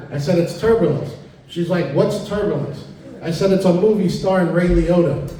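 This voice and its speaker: A man doing a stand-up comedy routine, telling stories in a deadpan way and acting out the dialogue. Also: on the high side, moderate pace. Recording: echoey room, mic at a distance. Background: audience laughter.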